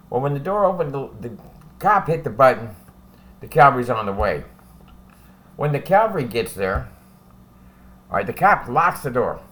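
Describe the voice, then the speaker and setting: A man's voice: mid-range voice, bright, forceful tone, a little hiss or hum. A man telling a story about his time in prison in a casual, profane, rambling way, often adding "right?" as he goes.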